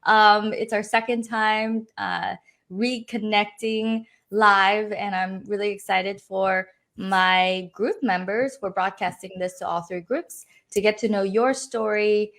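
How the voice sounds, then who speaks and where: A woman's voice: medium pitch, fairly even intonation, slow pace, a bit bright. A woman hosts a live interview over a video call, talking in a loose, rambling way full of fillers. Her voice is wearing thin, as she says she has nearly lost it. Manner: chatty, rambling with many fillers. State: losing her voice. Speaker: host.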